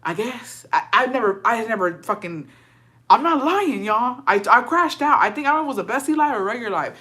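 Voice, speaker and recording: A woman's voice: fairly high pitch, animated, quick pace, sharp tone. A young adult woman telling a story in a casual, profane rant, slipping in Spanish words. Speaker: storyteller on a livestream.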